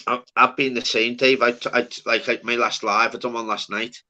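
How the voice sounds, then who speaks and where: Scouse lad hosting a live, rambles and swears a lot, voice sharp and bright. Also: male voice, medium pitch, little pitch movement, normal speed, lo-fi sound. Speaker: livestream host. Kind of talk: casual live-stream chat.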